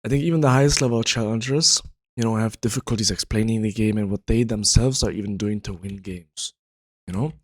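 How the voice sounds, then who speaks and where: A man with a fairly low voice talks casually to the camera, rambling and leaning on fillers. His voice sounds worn and tired, and the recording is close and dry with no room echo. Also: fairly quick. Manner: rambling, frequent "you know" fillers. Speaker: video host. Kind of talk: casual explanatory talk.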